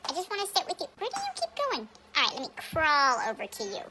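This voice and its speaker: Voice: high voice, huge pitch swings, fast talker, noisy background. Someone voicing a clingy small pet who keeps begging to snuggle, in a whiny, pleading way.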